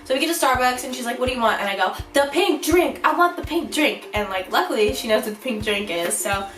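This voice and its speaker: A young woman vlogger telling a storytime in an animated, giggly way, acting out her own shouts. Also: fairly high pitch, fast talker, far from the mic. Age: young adult. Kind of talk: storytime vlog. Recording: echoey room, a bit off-mic, music behind.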